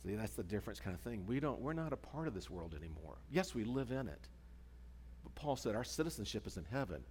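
A man's voice: on the low side, sing-song, fast talker, darkish tone, slight background noise. A middle-aged man preaching a sermon as pastor, talking in a conversational way with frequent restarts and asides. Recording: long hall reverb.

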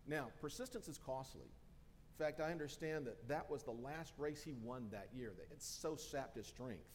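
A man's voice: mid-range voice, normal speed, a little hiss or hum. Male pastor, casual joking delivery full of fillers, reverberant sanctuary sound. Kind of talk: conversational sermon. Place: church sanctuary.

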